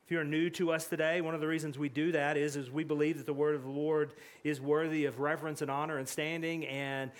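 A man's voice: fairly high pitch, flat delivery, a little fast, hardly any pauses. A man preaching a sermon in a church, earnest and conversational, often repeating words as he goes. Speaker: pastor. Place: church sanctuary.

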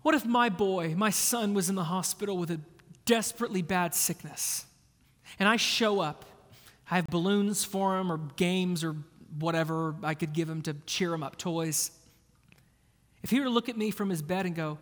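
A man preaching a sermon as a pastor, earnest, moving between hushed passages and emphatic lines. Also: high voice, normal speed. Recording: long hall reverb.

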